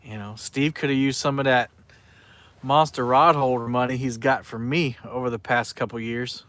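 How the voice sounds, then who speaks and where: A man with a drawl talks casually through a long fishing live stream. His pitch sits in an ordinary middle range, and he rambles along, greeting viewers by name. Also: steady tone, normal speed, a bit bright. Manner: rambling, chatty, reads out viewer names. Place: outdoors by the water at night.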